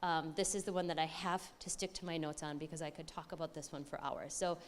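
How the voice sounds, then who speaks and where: A woman speaks at a tech conference with a slightly low, excited voice. She talks in a chatty way and often stops to correct herself. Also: quick pace, a little hiss or hum. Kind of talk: live conference talk.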